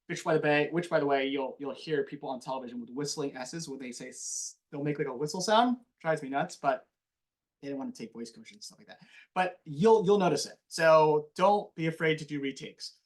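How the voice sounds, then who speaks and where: Lecturing a class informally on voiceover, a man who works as a TV news anchor speaks in a slightly high voice. His delivery is fast and animated, with a bit of mumbling.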